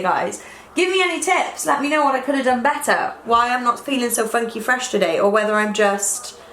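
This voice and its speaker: A woman's voice: mid-range voice, a bit bright, slight background noise. A young woman chatting rambly and gushing to her viewers while doing her makeup at home, full of "like" and "um". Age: young adult. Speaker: YouTuber. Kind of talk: casual get-ready-with-me chat while doing makeup. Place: room in her own house. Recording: echoey room with faint ambience.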